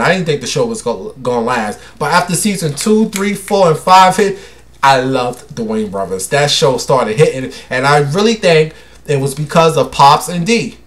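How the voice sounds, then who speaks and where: A man's voice: fairly high pitch, fairly bright tone. A young man hosting his own show, chatting casually and dramatically, calling listeners honey and baby. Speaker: host. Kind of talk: casual solo chat.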